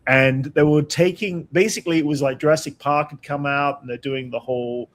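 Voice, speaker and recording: A man's voice: a little high, steady tone, brisk. A young man telling a camp story in casual chat, laughing often as he goes. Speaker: guest.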